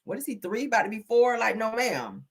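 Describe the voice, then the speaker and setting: A woman hosting a gossip show, talking in a sassy, animated way, full of "honey" and "child" and swearing. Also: a little high, brisk, breathy edge. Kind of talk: casual gossip commentary.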